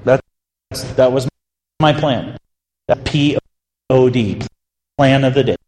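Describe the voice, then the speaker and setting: A male associate pastor, telling a story in a sermon with lively swings in pitch. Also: takes it slowly, slight background noise. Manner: animated, swings pitch for emphasis. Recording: echoey hall reverb.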